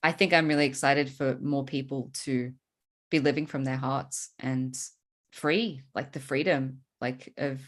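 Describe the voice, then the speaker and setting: A woman's voice: extremely low pitch, fairly even intonation, measured pace. A woman with an Australian accent, a guest in a casual spiritual interview, talking in a bubbly way, laughing often and swearing freely. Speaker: guest, psychic channel.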